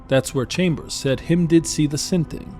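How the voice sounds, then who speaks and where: A brawny, easygoing Jamaican driver, voiced by a male narrator, drawling his lines in a relaxed Jamaican accent. The voice sits at a middle pitch and sounds dark and mellow. Soft music plays faintly underneath. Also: normal speed, lightly acted.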